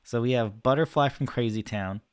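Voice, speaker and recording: A man's voice: mid-range voice, moderate pace, darkish tone, a little hiss or hum. A man co-hosting a podcast, speaking in a matter-of-fact way, reading off a list of songs. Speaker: podcast co-host. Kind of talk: casual chat.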